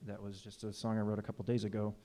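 Man, musician, casual on-stage chat, mellow tone, slightly breathless, relaxed. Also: lowish voice, fast talker, a little hiss or hum. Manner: relaxed, rambling with fillers. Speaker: jazz musician.

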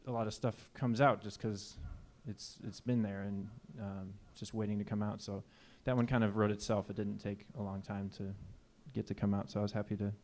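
Low, mellow-voiced male jazz musician. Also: normal speed, few pauses. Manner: relaxed, rambling with fillers. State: slightly out of breath. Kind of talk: casual stage banter. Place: music venue stage.

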